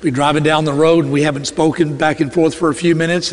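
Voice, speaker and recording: A middle-aged male pastor preaching a sermon, earnest, slowing and dropping his voice low on key phrases. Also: little pitch movement, long reverb tail.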